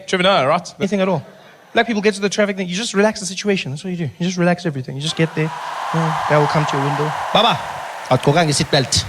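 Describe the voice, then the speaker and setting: A man from South Africa doing stand-up comedy, telling stories quickly and dropping into hushed voices for the characters. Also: fairly high pitch.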